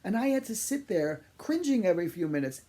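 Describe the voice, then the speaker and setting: A man working as a psychic medium, telling funny personal stories in an animated, exaggerating way. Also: sits high, fairly quick. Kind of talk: humorous personal storytelling.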